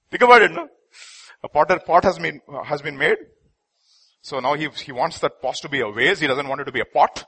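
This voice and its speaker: A man preaching a sermon as pastor, dramatic, swinging from quiet asides to loud pleading and slowing to stress key lines. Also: on the high side, breathy edge.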